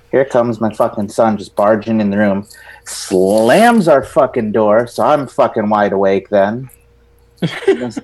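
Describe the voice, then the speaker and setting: A man's voice: fairly low pitch, darkish tone, poor audio. A man hosting a casual live group chat, telling profane, jokey stories. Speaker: host of a live vaping show.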